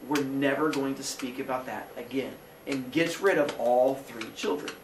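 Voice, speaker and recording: A man teaching a class, telling a myth in a comic way and jumping into quick character voices. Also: medium pitch. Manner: animated, jokey, acts out characters in quick voices. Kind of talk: comic storytelling lesson. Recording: roomy echo from far off with faint noise.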